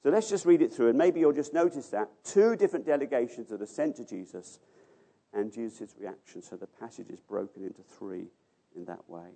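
A man preaching a sermon in a church, expounding a passage with rhetorical questions and letting his phrase ends fall away softly. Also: mid-range voice, a little fast, husky.

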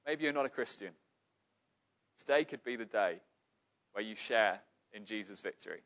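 A man's voice: fairly low pitch, fairly bright tone. A man from Cardiff preaching a sermon in an earnest, emphatic way. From Cardiff, Wales.

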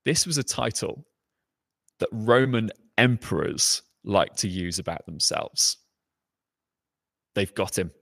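A man's voice: expressive, takes it slowly, vocal fry, pauses often, a bit bright, dry recording. Male preacher, casual sermon delivery, acts out quotes, dry close sound. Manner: conversational, acting out quoted lines with rising pitch.

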